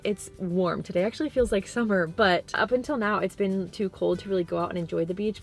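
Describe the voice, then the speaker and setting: A woman in her twenties chatting casually as a vlogger, bubbly and gushing, filming herself with a handheld camera. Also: mid-range voice. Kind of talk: casual vlog narration. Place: car and beach outdoors.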